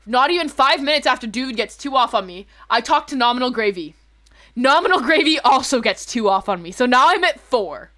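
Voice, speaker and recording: Woman, streamer, casual chat, rambling storyteller, bright, fairly high. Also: animated, fairly quick. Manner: rambling storyteller, swears freely, self-corrects.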